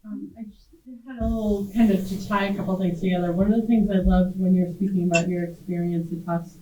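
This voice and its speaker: A woman's voice: mid-range voice, level tone, quick pace, background noise. A middle-aged woman, a parent on a panel, reflects in a thoughtful, earnest way and often repeats words as she goes. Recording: echoey, tinny.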